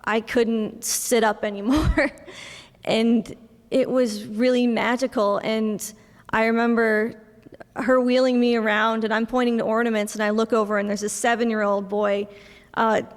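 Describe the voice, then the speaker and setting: A young woman giving a memorial speech for her mother, telling family stories with soft laughs and acting out bits of dialogue. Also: a little high, level tone, unhurried. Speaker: eulogy speaker, daughter of the deceased. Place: memorial service hall. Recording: long reverb of a large hall.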